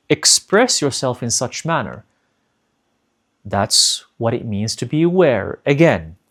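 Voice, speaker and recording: A man with a voice of ordinary pitch delivers a spiritual advice monologue. He speaks earnestly and directly to his viewers. He repeats key lines for emphasis and leans on rhetorical questions. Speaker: spiritual teacher.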